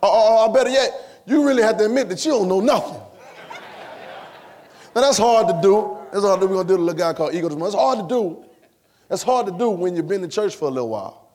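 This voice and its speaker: A man preaching a sermon in church, repeating phrases and building to shouts. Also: high voice, expressive, fast talker. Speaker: pastor. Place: church sanctuary.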